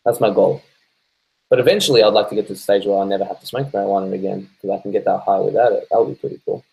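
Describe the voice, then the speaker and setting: A stoned Australian man hosting a casual live stream. His voice sits a little low, and his talk is loose and unhurried. He swears freely and laughs as he reads out viewer comments. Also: gravelly, mellow, poor audio. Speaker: live-stream host reading viewer chat.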